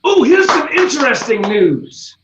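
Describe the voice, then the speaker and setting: A male host of a comedic news segment delivers his jokes dryly and slowly. His voice is high for a man and very animated. The recording sounds roomy and a little muffled. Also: music in the background. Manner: dry, deliberate punchline delivery.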